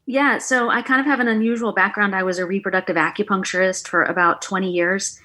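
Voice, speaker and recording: A middle-aged woman talks as a guest on an interview show. She tells her story with lots of energy and acts out the lines of the people in it. Her voice sits at an ordinary middle pitch for a woman. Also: quick pace. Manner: animated storyteller, acts out quoted dialogue. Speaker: guest, author and former acupuncturist.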